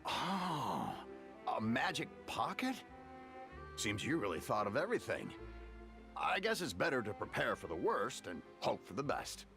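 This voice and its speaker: A man's voice: mid-range voice, wildly swooping pitch, a little slow. An actor playing a polite young man in a game, courteous and apologetic. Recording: game audio under music.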